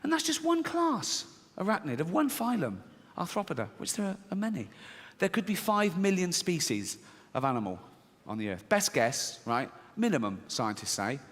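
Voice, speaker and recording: A man with a high-pitched voice performs a profane stand-up set at a moderate pace, barely pausing, and acts out characters in his jokes with lots of energy. The sound is reverberant, like a hall, with faint ambient noise.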